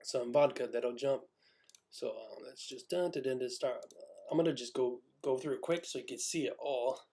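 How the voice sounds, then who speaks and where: A man's voice: medium pitch, normal speed, warm tone, husky. A man casually breaking down a song's lyrics, talking with many fillers and restarts and some swearing. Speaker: music lyric tutor. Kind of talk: casual screen-share lesson. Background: a baby heard at times.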